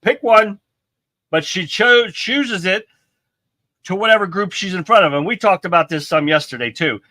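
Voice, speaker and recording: A man's voice: high-pitched, expressive, normal speed, sharp tone, dry recording. A middle-aged man hosting a live stream, giving blunt, profane political commentary and reading viewer comments aloud.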